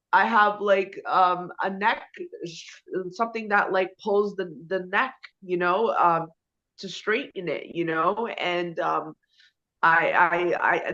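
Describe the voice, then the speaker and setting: Woman guest, very bright voice, rambling with lots of fillers, swears casually, dull lo-fi audio. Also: fairly low pitch. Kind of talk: casual conversation.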